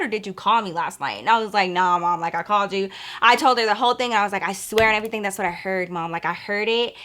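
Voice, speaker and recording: A young woman vlogger tells her viewers a ghost story in casual, animated chat, talking fast at a medium pitch. She swears freely and calls them "y'all" and "girl."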